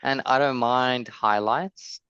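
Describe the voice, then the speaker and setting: A man's voice: mid-range voice, fairly even intonation, slow, lo-fi sound, a loud crowd. A man co-hosting a podcast in casual chat, laid-back and full of "like" and laughs. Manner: laid-back, filler-heavy, lots of "like" and laughs. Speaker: podcast co-host.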